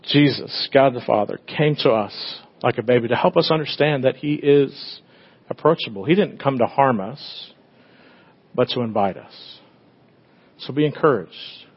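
A middle-aged man preaches in an easy, conversational way, like he's telling stories to friends. His voice sits at a middle pitch, jumping to loud, bright bursts and falling back to soft, tender lines. The recording sounds a little dull. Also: measured pace, slightly rough. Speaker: pastor. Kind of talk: sermon.

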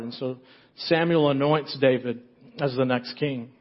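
A man's voice: medium pitch, steady tone, normal speed, muffled recording. A man pastor preaching a sermon in a church, retelling a story in a casual, joking way.

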